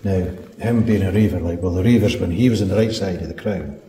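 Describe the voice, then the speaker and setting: A man's voice: sits low, quick pace, mellow. A middle-aged Scottish man guiding a castle tour in a chatty, storytelling way, chuckling as he goes. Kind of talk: casual chat and guided tour. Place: large castle room indoors. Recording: echoey hall from far off with noise.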